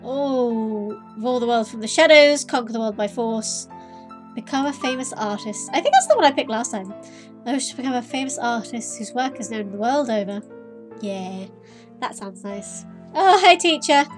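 Woman, let's play host; high voice, giddy, sarcastic, bursts of loud excitement. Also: normal speed. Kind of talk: casual gameplay commentary. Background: faint game music.

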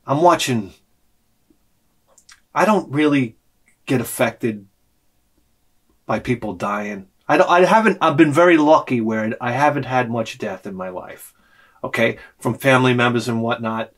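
A man's voice: medium pitch, a little slow, long pauses. A man hosting his own video channel, ranting in a profane, rambling, emotional way. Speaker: vlog host. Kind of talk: casual ranting monologue.

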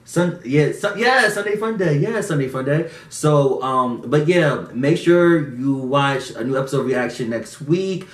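A man's voice: fairly high pitch, a little slow, hardly any pauses. A man hosting his own channel, chatting casually with a friend and telling stories with frequent laughter. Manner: laughs often, animated storytelling. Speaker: channel host. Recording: echoey room, mic at a distance, faint noise.

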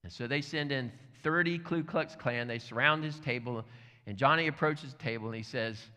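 A male pastor telling a story during a sermon, animated, with lively asides. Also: mid-range voice, normal speed, smooth. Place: church sanctuary. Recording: church hall reverb.

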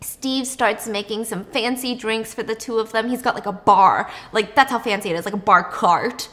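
A woman's voice: on the high side, moderate pace, bright, forceful tone. A young woman podcast host telling a story in a casual, joking, slangy way while she bakes.

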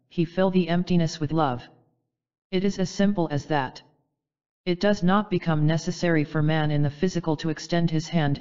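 A reader giving a measured, formal reading of channeled spiritual teachings, addressing the listener as dear one. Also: mid-range voice, a little mellow, clear, resonant tone, dull audio. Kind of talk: solemn reading of a spiritual text.

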